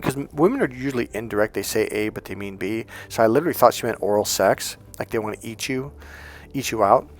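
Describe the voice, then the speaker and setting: A man's voice: quick pace, a little hiss or hum. A man coaching on dating, talking casually and with energy, swearing freely and acting out other people's voices. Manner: animated, profane, acts out voices with big pitch jumps. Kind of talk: casual storytelling monologue.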